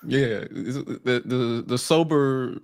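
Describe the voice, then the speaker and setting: A man speaks at a middle pitch in a dry, close recording. He offers wry, laid-back commentary on a podcast. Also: slow pace, vocal fry, darkish tone, clear, resonant tone, dry recording. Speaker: podcast co-host. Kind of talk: casual chat.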